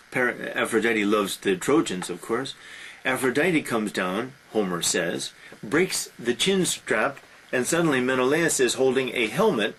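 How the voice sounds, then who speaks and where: A man teaching a class and retelling an ancient epic in a relaxed, conversational way with many filler sounds. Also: medium pitch, slightly rough, low-quality recording. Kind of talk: classroom lecture retelling a story.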